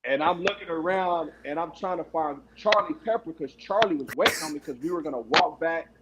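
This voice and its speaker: A man's voice: fairly high pitch, a little fast, dull audio. A man telling a story as a podcast guest, laughing often and acting out what people said. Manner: laughs often, animated retelling with quoted voices. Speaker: guest, former running back. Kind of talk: casual storytelling. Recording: noisy background.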